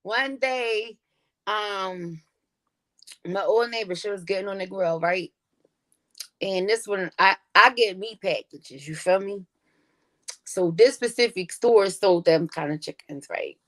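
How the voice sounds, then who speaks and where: A woman's voice: medium pitch, slow pace. A woman guest on a podcast, telling stories in casual slangy talk with lots of swearing and acted-out quotes. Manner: animated storyteller acting out quotes in other voices; profane, slangy. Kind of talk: casual storytelling chat.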